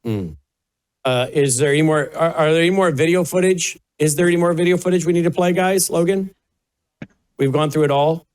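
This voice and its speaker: A man's voice: on the high side, brisk, a little mellow, clean tone. A man hosting a talk show, asking direct questions and directing his crew. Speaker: host.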